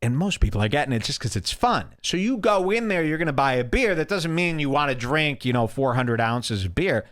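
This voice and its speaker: A man's voice: fairly high pitch, big pitch swings, a little fast, hardly any pauses, fairly bright tone. A man hosting an internet radio show with rambling commentary, mocking and scolding as he goes, while nursing a headache. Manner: mocking, scolding rants, irreverent. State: has a headache.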